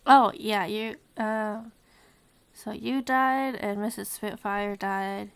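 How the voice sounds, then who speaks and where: A woman playing a tabletop game, speaking gently and casually in character. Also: mid-range voice, fairly even intonation, slow pace, creaky, clean tone.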